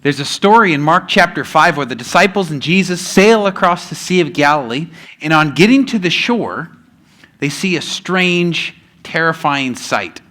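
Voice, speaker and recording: A male pastor giving a sermon, telling a story and slowing down for emphasis, with casual asides to the congregation. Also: fairly high pitch, animated, pushed and bright.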